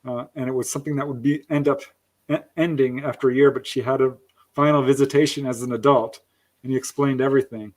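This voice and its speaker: A man hosts the interview and recounts a case from his book. He talks in a relaxed way, with a few fillers along the way. His voice has a medium pitch. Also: quick pace. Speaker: host. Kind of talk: interview talk.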